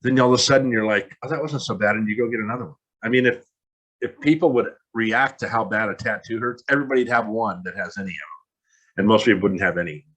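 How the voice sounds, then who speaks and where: A man's voice: lowish voice, quick pace, fairly bright tone, highs cut off. A man in his fifties giving an earnest, candid motivational talk with a self-deprecating touch. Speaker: motivational speaker.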